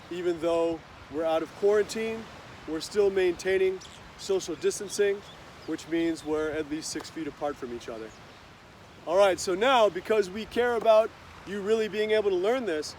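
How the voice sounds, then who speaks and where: A man teaching martial arts techniques outdoors, explaining each move calmly and in an upbeat way. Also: sits high, a little hiss or hum. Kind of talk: instructional talk with demonstration.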